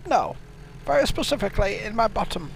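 A man playing a cranky elderly father, high thin voice, sing-song lilt, deadpan and crude, improvised game banter. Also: a little fast, creaky, slight background noise. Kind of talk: improvised comedy gaming commentary.

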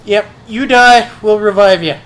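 A man's voice: high voice, measured pace, a bit bright. A man playing a game, making urgent, panicky calls to his teammates. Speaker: game player. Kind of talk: casual gameplay chat.

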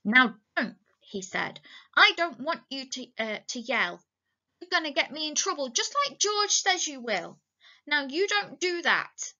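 A woman's voice: medium pitch, a little slow, bright, forceful tone. A woman voicing a big, simple-minded man who is frightened and pleading, talking in a childlike way and repeating himself. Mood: agitated. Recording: dull lo-fi recording.

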